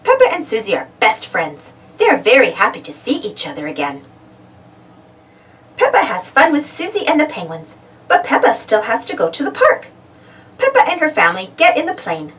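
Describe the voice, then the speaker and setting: Animated woman reading a kids' storybook. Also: a little high, normal speed. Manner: animated, sing-song. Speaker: storybook reader. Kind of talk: children's read-aloud narration. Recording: distant mic with faint noise.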